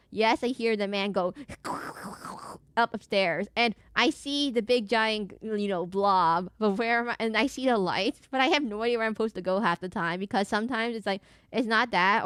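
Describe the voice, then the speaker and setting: A young woman streaming a horror game, chatting fast and rambling with a slight lisp, often correcting herself mid-sentence. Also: medium pitch, fairly bright tone, no room sound. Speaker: VTuber streamer. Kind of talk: casual live-stream chat while gaming.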